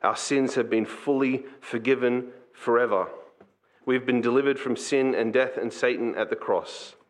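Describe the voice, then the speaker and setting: A man's voice: medium pitch, steady tone, normal speed. Earnest conversational male preacher. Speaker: pastor. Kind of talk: sermon.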